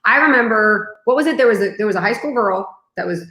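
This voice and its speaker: A woman's voice: mid-range voice, animated, quick pace, a bit bright. A woman co-hosting a casual live question and answer chat, jokey and bubbly, who works as a teacher. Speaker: co-host, teacher. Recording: echoey room.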